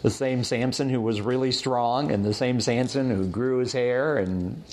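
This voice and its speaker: A man teaching a Bible class, lecturing in a measured, explanatory way in a classroom. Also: mid-range voice, darkish tone.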